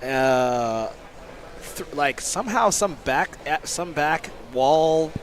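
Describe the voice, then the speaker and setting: A man, a sumo coach, giving casual sports commentary, excitable and often laughing while telling rambling stories. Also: fairly high pitch, takes it slowly, a little hiss or hum. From United States.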